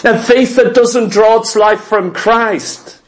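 A man's voice: high voice, steady tone, slow pace. A man preaching a sermon to his congregation. He speaks with emphasis, repeats himself, and keeps asking rhetorical questions. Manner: emphatic and repetitive, often asks "do you know what".

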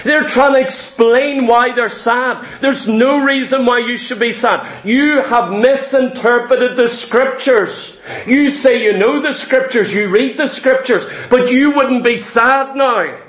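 A man's voice: very high-pitched, slow, fairly bright tone. A man preaching a sermon, emphatic and repetitive, acting out the complaints of doubters in quoted asides. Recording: echoey room.

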